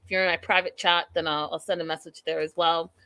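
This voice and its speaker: A woman's voice: lowish voice, flat delivery, fast, sharp tone, smooth, dry recording. A woman hosting a live recap show, talking straight to her viewers in a chatty, amused way.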